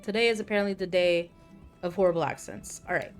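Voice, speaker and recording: A woman's voice: fairly low pitch, quick pace, soft background music. Chatty woman streaming a game. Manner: chatty, joking, reads game text aloud. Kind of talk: casual gameplay commentary.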